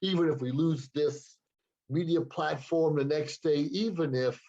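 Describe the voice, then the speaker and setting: A man's voice: fairly high pitch, a little slow, dark tone, dull audio. A man hosting his own show, talking alone to the camera in an earnest, moralizing way, often repeating a word as he gathers his thoughts. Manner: earnest, moralizing, repeats words while thinking. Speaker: show host. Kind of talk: preachy solo talk to camera. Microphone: computer camera.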